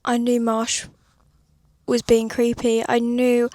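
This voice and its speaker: A woman talks straight to camera about the book she is reading, chatty and quick to exclaim. Her voice sits a little high. The sound is dry and close. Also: completely flat delivery, darkish tone, no room sound. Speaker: book vlogger. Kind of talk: casual reading-reaction vlog. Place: at work on a lunch break.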